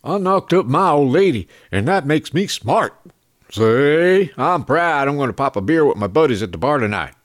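A man's voice: a little high, sing-song, moderate pace, pitched above the performer's own voice. A man voicing a boastful, dim-witted Southern redneck man in a mocking drawl. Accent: Southern US, put on.

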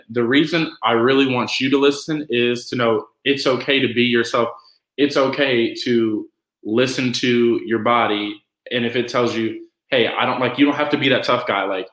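The podcast guest here has a medium-pitched voice and tells stories in a lively, casual way, voicing the quoted lines himself. It's a low-quality recording made in an echoey room.

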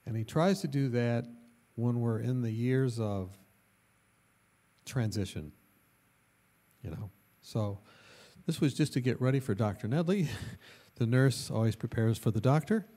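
A male pastor telling a story in a sermon, animated and lively, with bursts of loudness and laughter. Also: medium pitch, a little slow, long pauses.

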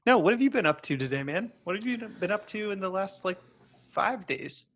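A man's voice: high-pitched, expressive, fairly quick, background noise. A man co-hosting a casual podcast, joking and teasing his co-host in a playful way. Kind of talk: casual chat.

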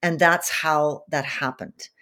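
A woman with a raspy, soulful voice, chatting casually as a guest singer and telling stories in an animated way with quick restarts. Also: low-pitched. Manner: animated storyteller, frequent restarts and laughs. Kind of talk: casual interview chat.

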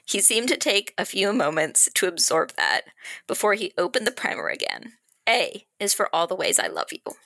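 A woman co-hosting a book podcast, chatting excitedly and reading a romance passage aloud. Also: mid-range voice, moderate pace, creaky, no echo. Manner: excitable, laughs easily. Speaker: podcast co-host.

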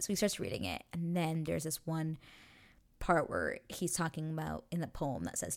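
A young woman hosting a casual recap, excitedly chatting, swearing freely and acting out characters' lines in quick asides. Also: deep voice, creaky. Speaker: podcast host recapping a TV show.

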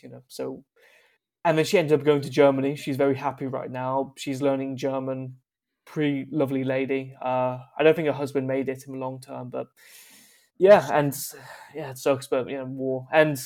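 Give me a young man rambling through casual anecdotes, wry and offhand, at an ordinary pitch. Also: creaky, darkish tone. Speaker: podcast guest.

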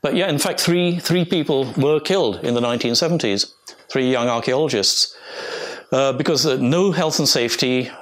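A man's voice: mid-range voice, normal speed, a bit bright. An older English man, an archaeologist, giving a rambling, anecdotal illustrated talk to a live audience. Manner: rambling, anecdotal, with restarts and chuckles.

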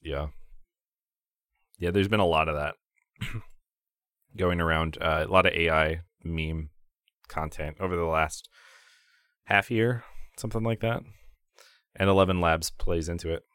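A man's voice: deep voice, measured pace, pauses often, fairly bright tone, dry recording, studio quality. A man co-hosting a gaming podcast in casual chat, rambling with fillers and laughing often. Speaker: podcast co-host.

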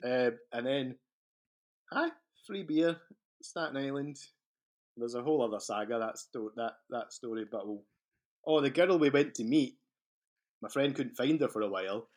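A Scottish-accented man speaks as a podcast guest in casual, rambling chat. He swears freely and laughs through his anecdotes. His voice sits at a middling pitch for a man. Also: moderate pace, long pauses. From Scotland.

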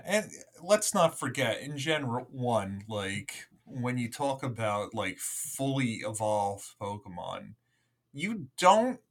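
A young man chatting casually as a podcast co-host. He rambles, restarts his sentences and scatters fillers as he goes. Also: mid-range voice. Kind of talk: casual chat.

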